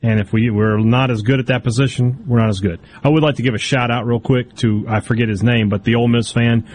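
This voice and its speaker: A man's voice: mid-range voice, steady tone, fast talker, darkish tone. A man co-hosting a sports talk radio show, telling wry stories in casual banter.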